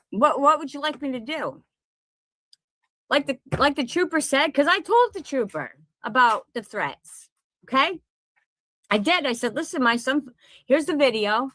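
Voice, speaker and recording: A middle-aged woman content creator rants angrily and profanely straight to the camera from her home in Pennsylvania, repeating her points. Her voice is high, bright and forceful, and the recording is dry.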